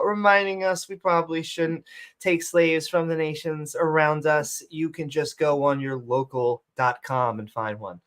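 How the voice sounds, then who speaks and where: A woman hosting a live online call show, reading shout-outs to supporters and dropping sarcastic jokes in a sing-song voice. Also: low-pitched, unhurried. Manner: joking, sarcastic asides, sing-song bursts. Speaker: show host.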